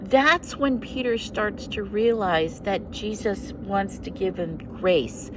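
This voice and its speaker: A woman hosting a faith journaling video, teaching a devotional Bible lesson in an earnest, gently encouraging way with emphatic repetition. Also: medium pitch, slow, background noise.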